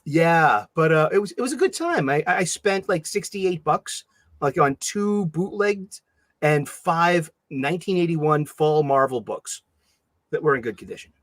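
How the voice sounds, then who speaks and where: A man's voice: on the high side, measured pace, no room sound, studio quality. A man with a Boston accent, a podcast co-host telling rambling stories in casual chat, full of restarts. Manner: rambling, animated storytelling with many restarts.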